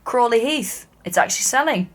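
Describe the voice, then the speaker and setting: A woman's voice: a little high, expressive, fairly quick. Sweary woman, comedy podcast host. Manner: sweary, storytelling, acts out quotes. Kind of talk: casual comedic chat.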